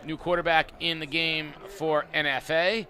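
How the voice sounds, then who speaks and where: A man calls a high school football game at a stadium with a bright, slightly high voice. He talks easily between plays and gets louder when a runner breaks free. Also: unhurried. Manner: excitable on big plays, chatty storyteller between. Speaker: play-by-play announcer. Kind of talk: play-by-play sports commentary. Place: outdoor stadium press box.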